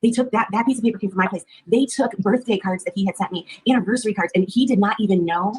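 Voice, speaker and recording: Woman, husky, very fast talker, dramatic, rambling, podcast storytelling. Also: medium pitch, a little mellow, rough recording. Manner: rambling, dramatic, swears freely. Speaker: podcast guest telling her story. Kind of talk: candid storytelling chat.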